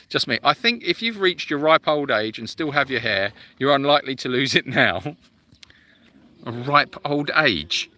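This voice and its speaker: A chatty man hosting a live-stream Q&A, teasing viewers and reading out their comments with plenty of ums. His voice is very bright and sharp-edged, recorded close and dry. His pitch sits in an ordinary middle range. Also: lively intonation, unhurried, no room sound. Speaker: animal sanctuary host. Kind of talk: casual live-stream chat Q&A.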